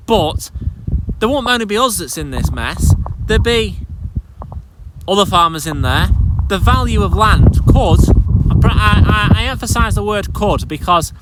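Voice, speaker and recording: A fairly high-voiced man, a dairy farmer, rants to camera in an exasperated vlog. He is blunt and keeps restarting his sentences. Loud background noise and passing vehicles fill the recording. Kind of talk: angry vlog rant to camera.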